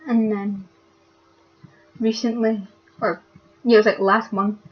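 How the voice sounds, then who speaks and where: A young woman, speaking haltingly and with many fillers as she talks upset into her camera for a vlog. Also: medium pitch, little pitch movement. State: upset and hurt. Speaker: vlogger. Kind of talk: casual confessional vlog. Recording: dull lo-fi webcam audio.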